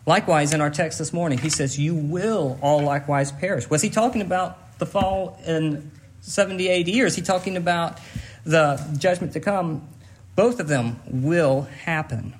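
A male pastor delivering a Sunday sermon in an earnest, emphatic way. His voice sits a little high for a man, and he leans on repeated phrases to press each point home. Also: normal speed.

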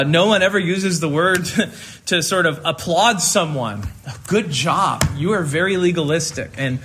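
A man's voice: sits high, a bit bright. A man preaching a sermon as pastor, earnest and conversational, with frequent fillers as he explains.

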